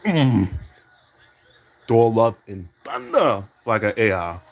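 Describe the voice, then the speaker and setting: Low-voiced man trash-talking over a game. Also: very animated, slow pace. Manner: trash-talking, teasing opponent; catchphrase-heavy, repeating "indeed". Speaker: gamer playing basketball game. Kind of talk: self-commentary while gaming.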